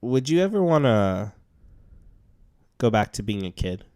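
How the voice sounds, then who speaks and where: A man co-hosting a podcast, musing casually and haltingly, with many fillers. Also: fairly low pitch, big pitch swings, darkish tone, clean tone. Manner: halting, filler-heavy musing with "like" and "you know". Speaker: podcast co-host. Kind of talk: casual chat.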